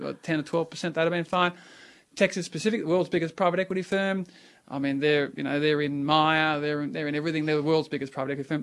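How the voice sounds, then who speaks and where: Gravelly man talking finance. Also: a little high. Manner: chatty, rambling with fillers. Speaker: finance commentator. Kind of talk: casual radio chat.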